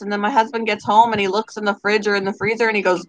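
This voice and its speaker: A woman's voice: a little high, fairly even intonation, rapid-fire, hardly any pauses, fairly bright tone, poor audio. A woman hosting a casual group chat, laughing often and acting out what people say. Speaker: host.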